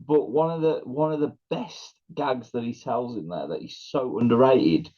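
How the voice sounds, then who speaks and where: An animated man in casual chat, bursting into laughter as he acts out every line of a story. His voice is warm and mellow, recorded with a dull, lo-fi sound. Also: mid-range voice, normal speed. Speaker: podcast co-host.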